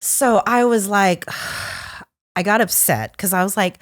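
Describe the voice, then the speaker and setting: A woman telling a story in a relaxed podcast chat, her pitch leaping up and down as she acts out what people said. The sound is close and dry, with no room around it. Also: slow, no echo. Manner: animated, lively storyteller who acts out quotes. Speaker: podcast co-host.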